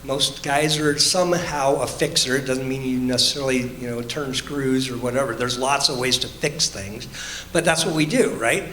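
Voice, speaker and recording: Middle-aged man, mid-pitched voice, casual class teacher who keeps asking "right?"; echoey room. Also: normal speed, bright, forceful tone, slight background noise. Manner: conversational, asks the audience questions, frequent "right?". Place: church meeting room.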